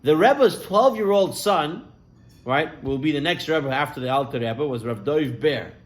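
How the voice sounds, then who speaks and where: Male rabbi, high-pitched, animated sermon storyteller. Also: a little slow. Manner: animated storyteller, voice rising and falling with the tale.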